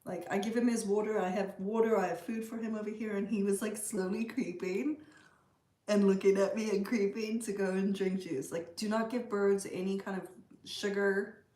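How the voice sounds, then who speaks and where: A woman's voice: medium pitch, fairly even intonation, moderate pace, dark tone, roomy sound. A woman from Canada hosting a casual livestream, chatting and answering viewer comments. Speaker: livestream host. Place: room at home with a pet bird.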